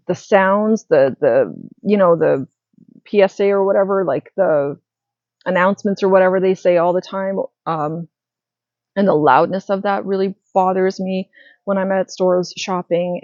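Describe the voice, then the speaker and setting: A woman's voice: fairly low pitch, normal speed, a little mellow, no room sound, lo-fi sound. A woman in her thirties talking casually to camera as a spiritual wellness creator, chatty and rambling with many fillers and restarts.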